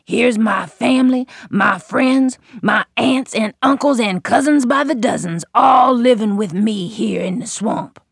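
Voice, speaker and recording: A loud, proud male alligator who calls out and brags, played by a woman telling the tale. He sounds close and dry, with no room around him. Pitch sits high and pushed for a big swamp beast. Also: measured pace, gravelly, few pauses, breathy edge, no echo, heavily acted. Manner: loud, calling out. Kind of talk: folktale storytelling.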